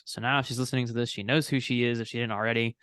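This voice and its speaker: A young adult man talks on a casual podcast, circling through an anecdote and stopping to correct his own details. His voice is smooth and clear at a middling pitch. It is recorded close and dry, with no room sound. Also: steady tone, rapid-fire, fairly bright tone, no room sound. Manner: rambling storyteller, frequent self-corrections. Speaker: podcast co-host and student minister.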